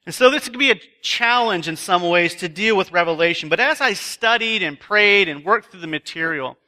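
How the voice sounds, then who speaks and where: A man's voice: high-pitched, normal speed, bright, forceful tone. A man speaking at a retreat, telling self-deprecating stories in a chatty sermon to a live audience. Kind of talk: sermon with a humorous personal story. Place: live talk before an audience.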